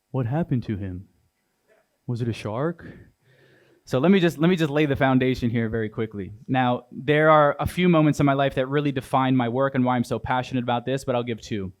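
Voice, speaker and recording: A young adult man giving a keynote speech on stage, punchy and dramatic, talking straight to the audience. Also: mid-range voice. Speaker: motivational speaker. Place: large event hall on stage.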